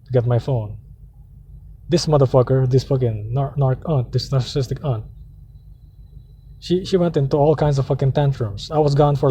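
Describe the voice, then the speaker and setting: A man's voice: mid-range voice, mellow, slight background noise. A man vlogging from his parked car, telling a heated personal story in a rambling, profanity-filled rant. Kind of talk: casual ranting monologue.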